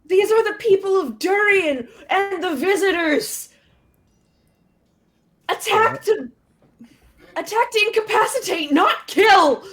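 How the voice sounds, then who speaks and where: امرأة تؤدي مغامرة مذعورة تصرخ بصوت حاد جداً. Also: female voice, lively intonation, takes it slowly, pauses often, a bit bright, heavily acted. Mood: horrified shouting. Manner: urgent, high-pitched cries. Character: horrified young woman adventurer shouting orders.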